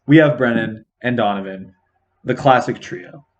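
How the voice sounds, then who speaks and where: A man's voice: medium pitch, normal speed, highs cut off. A young man hosting a casual podcast chat with friends, rambling and laid-back, laughing often. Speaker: podcast host.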